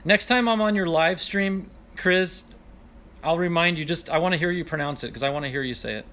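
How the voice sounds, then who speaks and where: On the high side and a little fast, a man's bright, forceful voice belongs to a casual livestream host. He reads viewer comments aloud, apologizing and poking fun at himself, frequently laughing as he stumbles over names.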